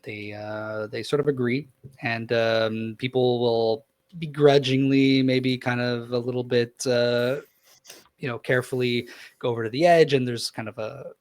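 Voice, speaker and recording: A man's voice: mid-range voice, fairly even intonation, measured pace, a little mellow, no room sound. A young man narrating as dungeon master in a tabletop game, describing scenes loosely with many fillers.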